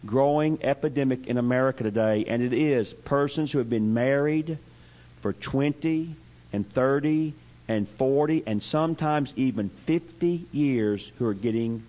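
A man's voice: mid-range voice, unhurried. A man preaching a humorous, storytelling sermon to a church congregation. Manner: storytelling, folksy, animated. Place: church service. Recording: dull lo-fi sound.

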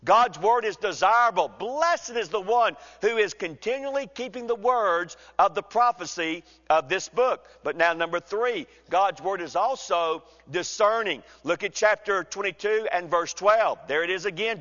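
A man preaching an expository sermon, measured and emphatic, slowing down to read scripture. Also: high-pitched, lively intonation, fairly bright tone. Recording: dull sound with long hall reverb.

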